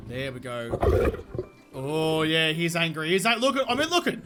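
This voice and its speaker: A man giving casual, excitable commentary on his gameplay, chatting to the game's animals as he plays. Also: a little high, normal speed, loud music behind the voice. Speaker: gaming channel host.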